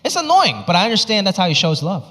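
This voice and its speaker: A young man from Hong Kong performs stand-up with a high voice that jumps all over its range, spinning animated stories. It is recorded live on stage, with a long hall reverb around his voice. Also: fast, background noise. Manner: animated storytelling, flips into his family's voices. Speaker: stand-up comedian. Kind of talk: stand-up comedy set. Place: live comedy stage before an audience.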